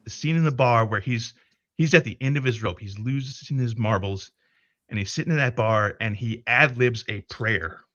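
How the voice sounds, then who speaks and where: A man's voice: medium pitch, normal speed, no room sound, lo-fi sound. A man telling a story in a casual livestream chat, cursing freely and restarting his sentences as he goes. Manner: profane, animated retelling with many restarts. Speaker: podcast co-host.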